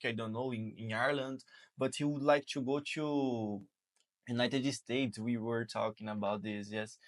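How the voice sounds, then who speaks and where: A man from Brazil with a Brazilian Portuguese accent, speaking English as a second language as host of a casual chat, earnest and repetitive, often saying "man". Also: mid-range voice. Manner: earnest, repeats words and says "man". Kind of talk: casual conversation.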